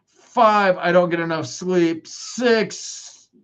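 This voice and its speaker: A man's voice: high-pitched, extremely slow, clean tone. A man in his forties hosting a solo podcast, rambling through profane, self-mocking rants. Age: 40s. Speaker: podcast host.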